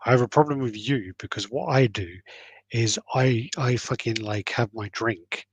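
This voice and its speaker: A man's voice: mid-range voice, moderate pace, slightly rough, no room sound. A man co-hosting a podcast in casual chat, grumbling crude rants full of swearing. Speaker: podcast co-host.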